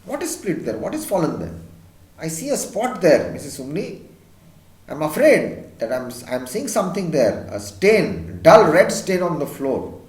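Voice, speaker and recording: A man's voice: a little high, big pitch swings, unhurried. A man reading aloud as a fussy, indignant lady of the house in a roomy room.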